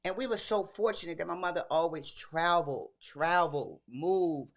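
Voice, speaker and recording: A woman in her sixties, a podcast guest, telling lively stories in casual chat and acting out her younger self. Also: on the low side, normal speed. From Baltimore. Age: 60s. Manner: animated storyteller, acts out her younger self.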